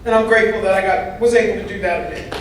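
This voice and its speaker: Woman voice interpreter, medium pitch, easy humorous storyteller, picked up from far back in a very echoey hall. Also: steady tone, racing, very noisy. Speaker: voice interpreter for a signed recovery talk. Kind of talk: first-person interpreted speaker talk. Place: large convention hall.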